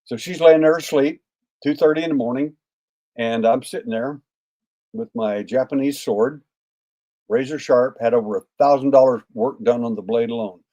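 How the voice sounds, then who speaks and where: A man's voice: mid-range voice, moderate pace, dark tone. Folksy older man telling a story. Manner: folksy, acts out quoted dialogue, frequent "uh" fillers. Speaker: podcast guest. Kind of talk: anecdotal storytelling.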